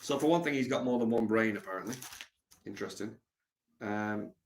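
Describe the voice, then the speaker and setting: A man rambling on his live stream, deadpan and meandering, with lots of ums and trailing thoughts. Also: fairly low pitch, fairly quick, slight background noise. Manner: meandering and deadpan, heavy with fillers.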